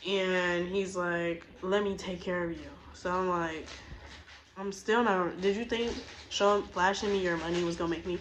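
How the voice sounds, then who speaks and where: A woman's voice: on the low side, steady tone, normal speed, slight background noise, low-quality recording. A young woman telling a storytime tale in a blunt, exasperated, profane way. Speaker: storytime vlogger. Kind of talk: casual storytime rant.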